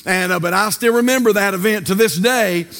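A man's voice: high-pitched, a little fast, fairly bright tone, in a large hall. An older man preaching a sermon as pastor, folksy and storytelling, with rhetorical questions. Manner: folksy, asks rhetorical questions and tells stories.

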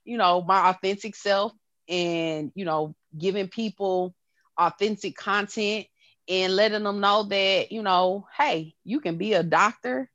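A woman's voice: medium pitch, fairly bright tone, dry recording, lo-fi sound. A woman in her thirties hosting a podcast, talking casually and candidly with lots of fillers and frequent laughter. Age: 30s. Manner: candid and loose, often breaking into laughter; drawn-out pauses and filler-heavy phrasing. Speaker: podcast host.

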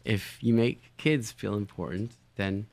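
A man's voice: on the low side, a little slow, gravelly, darkish tone, no echo. A man telling casual anecdotes animatedly, often repeating words as he finds his phrasing. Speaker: storyteller, show guest.

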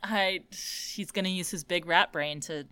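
A woman's voice: fairly low pitch, measured pace, bright, forceful tone, smooth. A young woman co-hosting a podcast, musing and wry in casual book chat. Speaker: podcast co-host.

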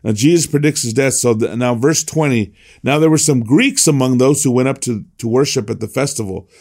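A man's voice: medium pitch, brisk, darkish tone. A man teaching a devotional Bible class in a conversational way, often restarting his sentences and reading scripture aloud.

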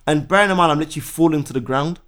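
A young man tells a personal story in a casual conversation. His voice sits a little high and his words tumble out quickly. He keeps slipping into animated re-enactments of how he reacted, full of slang fillers. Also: a little hiss or hum. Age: 20s. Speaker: guest.

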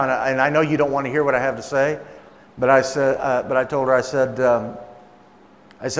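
A man's voice: mid-range voice, steady tone, fairly quick. A man preaching a sermon, telling a story in a conversational way and acting out the voices of the people in it. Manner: conversational, acts out quoted voices. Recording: long hall reverb.

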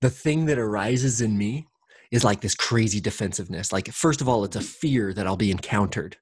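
A man's voice: on the low side, normal speed, darkish tone, husky, dry recording, studio quality. A man in casual reflective conversation, talking candidly in a rambling way, with many fillers and restarts and casual swearing.

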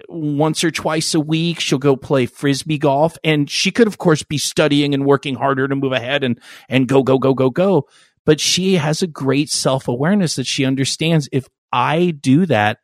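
A man's voice: a little high, no echo, studio quality. A man hosting a podcast in casual chat, crude, rambling and joking. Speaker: podcast host.

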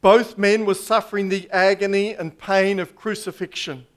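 A man preaching a sermon in a slow, emphatic way, pausing for effect and dropping his voice low on key points. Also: fairly even intonation. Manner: slow, emphatic preaching with dramatic pauses and drops to a hush.

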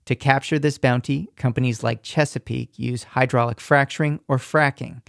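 A man reporting a radio news feature in a measured, scripted narration, recorded at a studio mic. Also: medium pitch, fairly even intonation, creaky, no echo.

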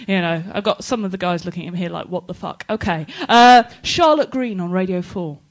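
An English woman performing a bawdy stand-up set to a live audience, laughing often between punchlines. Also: lowish voice. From England. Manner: brash, bawdy, quick punchlines with frequent laughs. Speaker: stand-up comedian. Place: live comedy stage with an audience.

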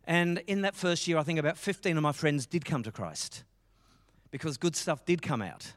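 Aussie pastor guy preaching, fairly high voice, gets fired up telling stories. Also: animated, normal speed, a bit bright, long reverb tail. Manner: passionate, storytelling with quoted dialogue. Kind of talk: sermon.

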